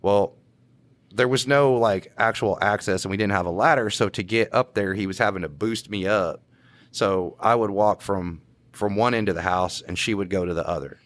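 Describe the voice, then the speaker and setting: Deep-voiced laid-back man. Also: moderate pace, a bit bright. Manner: laid-back drawl, chuckling, slangy. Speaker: podcast co-host, police officer. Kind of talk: casual storytelling chat.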